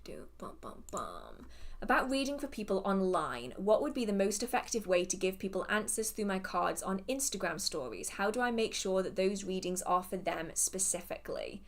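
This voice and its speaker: An English woman hosting a casual live Q&A at an ordinary mid pitch. She is chatty and self-deprecating and quick to laugh, and mutters and hums to herself between questions. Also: lively intonation. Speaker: host of a live witchcraft Q&A. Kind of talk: casual livestream Q&A.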